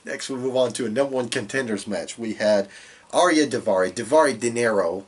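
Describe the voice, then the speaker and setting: A man with a husky, slightly breathy voice recaps the week's wrestling in an easygoing, rambling way. He leans on fillers and restarts, tossing in quoted lines from the matches as he goes. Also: mid-range voice, fairly quick. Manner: relaxed, filler-heavy recapping with quoted asides. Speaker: podcast co-host. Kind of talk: casual wrestling recap chat.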